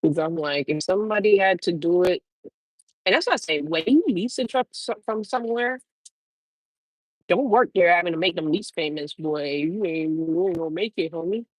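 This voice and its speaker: A woman's voice: fairly low pitch, normal speed, dry recording, poor audio. Profane laid-back woman chatting on stream. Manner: loose, profane, laughing, talks back to chat. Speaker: trucker livestream host. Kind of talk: casual livestream chat.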